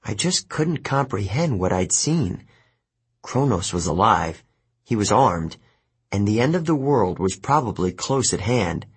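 A man's voice: lowish voice, unhurried, slightly rough. A man reading a first-person novel aloud as an audiobook narrator, voicing each character. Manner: animated storytelling, voices each character.

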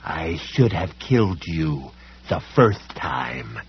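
A man's voice: very animated, a little hiss or hum, heavily acted. A man doing a menacing monstrous library policeman. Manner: slow, threatening, low delivery. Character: menacing tall male library policeman, a supernatural creature. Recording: dull lo-fi recording.

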